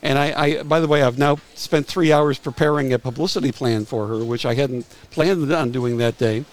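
A man's voice: medium pitch, low-quality recording. An older man in his sixties tells stories from his career as a guest on a casual interview show. His mid-range voice moves at an easygoing pace, and he often stumbles and restarts his sentences. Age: 60s. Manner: halting, restarts phrases with frequent repeated words. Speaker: guest, retired music publicist. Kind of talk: casual anecdotal storytelling.

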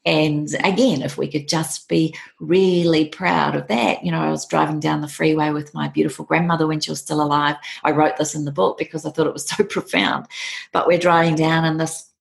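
A woman's voice: low voice, level tone, brisk, gravelly. A middle-aged woman, an author and interview guest, telling stories earnestly and reflectively, often returning to her favourite sayings. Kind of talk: conversational interview storytelling.

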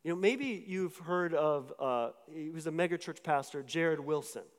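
A man's voice: fairly high pitch, normal speed. Man preaching in a reverberant hall. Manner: conversational storytelling with filler words and repeated restarts. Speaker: pastor. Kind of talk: sermon testimony.

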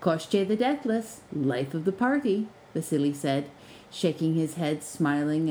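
A woman narrating a fiction podcast in an expressive, measured storytelling voice. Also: lowish voice, slight background noise, rough recording.

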